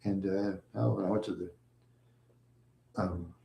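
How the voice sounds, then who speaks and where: Middle-aged man, slightly low voice, rambling self-pitying livestream chatter, echoey room. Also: steady tone, a little slow, gravelly, dark tone. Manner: repetitive, mumbling, self-pitying. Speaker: livestream host. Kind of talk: rambling live-stream chat.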